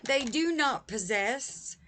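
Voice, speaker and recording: A woman's voice: sits high, expressive, takes it slowly, a bit bright. A woman talking to camera in a vlog, emphatic and heated, addressing her viewers directly. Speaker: vlogger.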